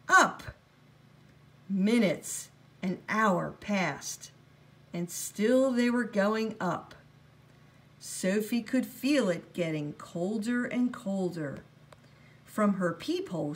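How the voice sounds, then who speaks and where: Slow, gentle woman reading a storybook. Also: medium pitch, expressive. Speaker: storybook reader. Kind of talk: children's book read-aloud.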